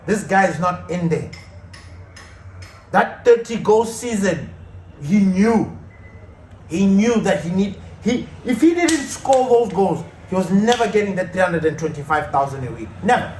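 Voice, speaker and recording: High-pitched guy ranting hard about his team, swearing a lot, echoey room. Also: expressive, a little slow. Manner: heated, swearing, repetitive outbursts. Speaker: fan channel host. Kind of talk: ranting fan commentary. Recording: echoey room with faint noise.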